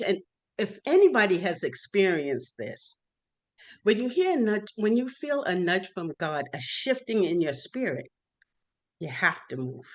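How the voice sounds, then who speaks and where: A middle-aged woman from Massachusetts gives a faith-filled testimony as a guest evangelist. She speaks slowly and earnestly, with care in each phrase. It sounds like a video call. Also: medium pitch. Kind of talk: testimony speech. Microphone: virtual workshop call.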